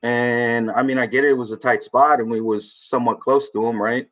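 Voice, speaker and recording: Animated man telling a story. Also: mid-range voice, a little fast, rough recording. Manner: animated storyteller, swears freely. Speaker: podcast host. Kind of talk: casual chat among friends.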